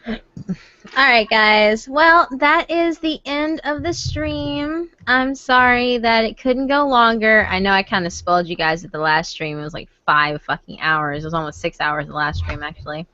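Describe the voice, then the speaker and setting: A woman's voice: a little high, moderate pace, bright, forceful tone, no echo. A young woman hosting a casual storytelling stream, swearing freely and laughing often. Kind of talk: casual chat with guests. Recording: slightly muffled stream audio.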